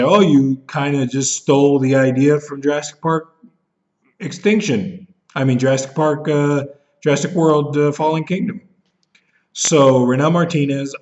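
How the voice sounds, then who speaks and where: A man's voice: medium pitch, dull audio. A man ranting angrily and bitterly to camera, swearing often and mocking others in put-on voices. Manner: bitter, profane, jumps into mocking voices when he is upset. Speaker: vlogger. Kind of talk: angry rant to camera.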